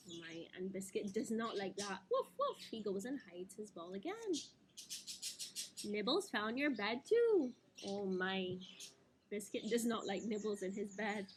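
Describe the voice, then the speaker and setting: A woman teacher reading a picture book to young children, gentle and animated, often asking them questions. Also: medium pitch, moderate pace, background noise.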